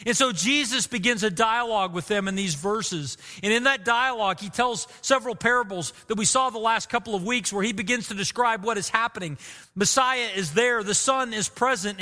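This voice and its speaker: A man's voice: sits high, sharp tone, big-room sound. A man preaching a sermon as pastor, earnest and emotive, repeating phrases for emphasis.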